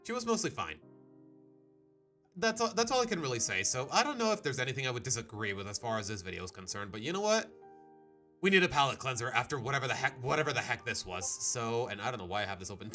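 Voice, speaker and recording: A man live-streaming his reactions to videos in casual, animated chat, groaning and laughing as he goes. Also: mid-range voice, fast, faint music behind.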